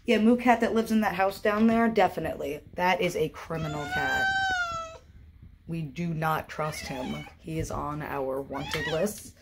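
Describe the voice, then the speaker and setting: A woman's voice: deep voice, wildly swooping pitch, measured pace, noisy background, full character voice. A woman putting on the voice of gossiping, suspicious neighbors with exaggerated mock outrage. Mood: mock outraged.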